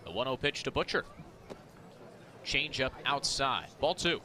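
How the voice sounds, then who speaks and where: A man calling live baseball play-by-play, rattling off pitches and counts, rising to shouts on big plays. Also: expressive, a little slow. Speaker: play-by-play announcer. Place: outdoor ballpark broadcast booth. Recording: outdoor ballpark crowd behind. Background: ballpark crowd.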